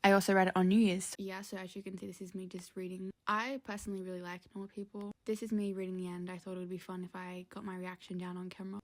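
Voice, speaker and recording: A woman's voice: mid-range voice, little pitch movement, fast talker, hardly any pauses. A young woman casually narrating her reading vlog in a light, chatty way. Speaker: book vlogger.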